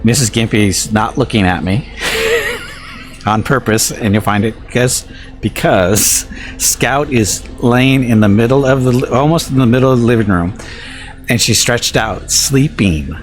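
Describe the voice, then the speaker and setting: A man's voice: medium pitch, unhurried, faint music behind. A male streamer chatting casually, telling a home anecdote with restarts and chuckles. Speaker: game streamer. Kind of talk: casual chat.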